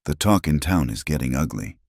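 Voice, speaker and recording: A man voicing a blunt, pressing female saloon owner, delivered in a deep voice in a dry recording. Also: lively intonation, brisk, vocal fry, darkish tone, no echo, heavily acted. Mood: blunt warning.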